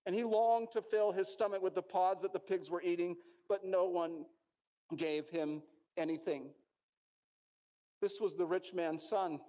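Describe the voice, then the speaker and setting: A man's voice: high-pitched, steady tone, measured pace, dark tone. A middle-aged man with an American accent, preaching a sermon in a church and telling stories earnestly, with many restarts. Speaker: pastor.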